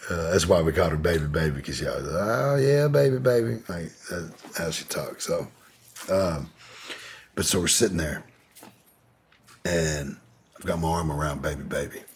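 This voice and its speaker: A man's voice: rumbling low, steady tone, moderate pace, long pauses, a little hiss or hum. A man telling a long personal story as a podcast guest, in a laid-back, profane, rambling way. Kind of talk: casual storytelling in an interview.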